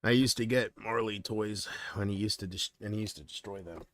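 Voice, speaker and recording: A man's voice: fairly low pitch, a little fast, fairly bright tone, dry recording. A man chatting casually on a livestream, rambling and answering viewer comments.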